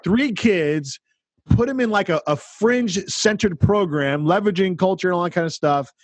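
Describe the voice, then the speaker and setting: A man on a podcast with a high, light voice, recorded dry and close. He tells his story with lots of excitement and acts out what everyone said. The talk is loose and casual, full of "dude" and "like.". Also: normal speed, dry recording. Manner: excited, animated storyteller acting out dialogue. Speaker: podcast co-host, counselor.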